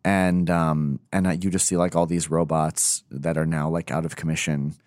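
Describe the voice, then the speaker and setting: A man's voice: extremely low pitch, level tone, normal speed, darkish tone, no echo, studio quality. A man co-hosting a podcast, talking casually with a hesitant, meandering manner. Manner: hesitant, full of fillers and asides. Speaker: podcast co-host. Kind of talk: casual chat.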